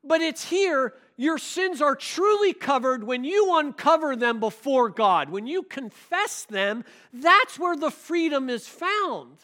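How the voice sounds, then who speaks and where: Male pastor, high bright voice, animated sermon delivery with loud and hushed turns. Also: slow, hardly any pauses. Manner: animated storytelling, shifts between loud and hushed.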